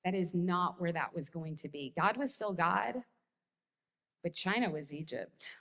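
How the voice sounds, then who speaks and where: Speaking at a measured pace in a lowish, somewhat bright voice, an American woman pastor delivers a sermon in a church sanctuary. Her storytelling carries a wry, self-deprecating humor, with long hall reverb around her.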